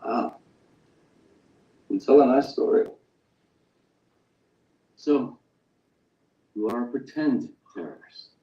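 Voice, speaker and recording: An actor playing a cold, hostile interrogator who questions with sarcasm and quiet threats. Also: male voice, slow, pauses often, natural voice. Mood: sarcastic. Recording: dull echoey distant sound with faint rumble.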